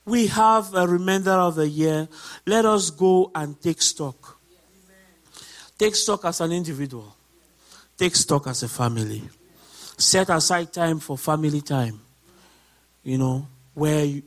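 A man, a deacon, preaching a sermon with emphatic, repetitive lines that build up to shouts. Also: a little high.

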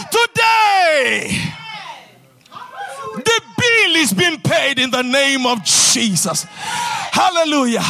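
A man preaching a fervent sermon in church, swinging between loud shouted declarations and quieter talk. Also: very high-pitched. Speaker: pastor.

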